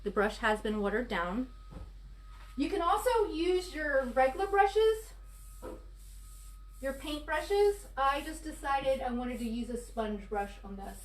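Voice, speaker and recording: A woman's voice: high voice, animated, measured pace. Chatty woman demonstrating furniture painting. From Florida, US. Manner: chatty, apologetic, talks to viewers while working. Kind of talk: casual live demonstration.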